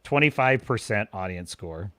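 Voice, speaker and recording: A man's voice: on the low side, expressive, moderate pace, sharp tone. A young man ranting scornfully during a live stream, often breaking into laughter as he reacts to reviews.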